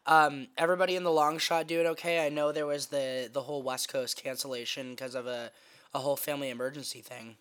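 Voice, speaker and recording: A young man hosts a casual podcast while hoarse and a bit sniffly from a cold. His rough, raspy voice still has a smooth, resonant core. He rambles and fills his pauses with ums. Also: medium pitch, fairly even intonation, fairly bright tone. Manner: rambling, filler-heavy. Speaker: podcast host.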